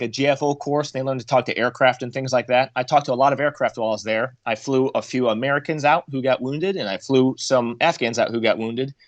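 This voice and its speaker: A man's voice: medium pitch, no room sound. A man, a former Marine, telling war stories casually on a podcast, acting out quotes in raised voices. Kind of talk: casual storytelling.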